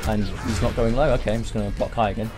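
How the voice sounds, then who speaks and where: A man's voice: lowish voice, fairly even intonation, fast, over music. A man giving running commentary over his online fighting game matches, exasperated and ranting about his opponent. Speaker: gaming commentator. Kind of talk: live gameplay commentary.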